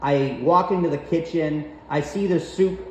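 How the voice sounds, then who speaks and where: A man's voice: fairly high pitch, a little slow, roomy sound, a little hiss or hum, rough recording. A man telling a rant-filled personal story, swearing often and sounding exasperated. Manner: profane, animated, exasperated.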